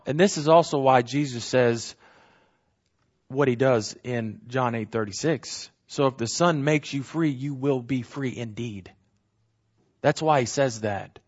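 A man's voice: medium pitch, husky, dull audio. A man teaching a verse-by-verse Bible study, earnest and emphatic, repeating key phrases and correcting himself as he explains.

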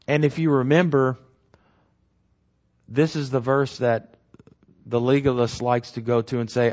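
A man's voice: medium pitch, level tone, measured pace, long pauses, darkish tone. A man teaching the Bible verse by verse in a conversational way. He repeats key phrases and keeps asking "right?". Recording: dull lo-fi recording.

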